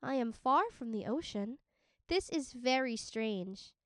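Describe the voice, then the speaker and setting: A woman voicing a curious, brave young girl on a quest, with bright, excited calls. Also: a little high, takes it slowly, no room sound, studio quality.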